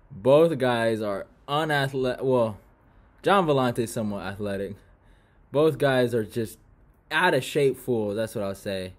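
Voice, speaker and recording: Casting: male fight-picks host, casual slangy delivery with lots of bro and swearing, given to giggling fits. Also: mid-range voice. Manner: breaks into fits of laughter. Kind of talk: casual prediction monologue.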